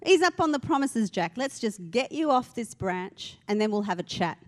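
God speaks in a calm, patient and coaxing way, as a woman puts him on. The voice is fairly high and steady, with an even, reassuring pace. It is part of a story told from the pulpit. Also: moderate pace.

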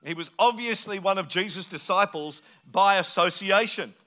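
A middle-aged man preaching a sermon, telling a story in an animated, anecdotal way. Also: high-pitched, normal speed. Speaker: pastor.

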